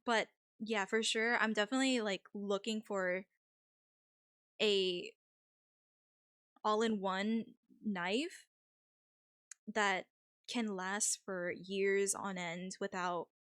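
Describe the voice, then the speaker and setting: A young woman streamer with an American accent that has a faint Vietnamese tinge, chatting casually with viewers, easygoing and quick to laugh. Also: medium pitch, fairly even intonation, fairly bright tone, clean tone, no room sound, studio quality. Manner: easygoing, chatty, laughs often, many ums. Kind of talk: casual chat reading viewer messages.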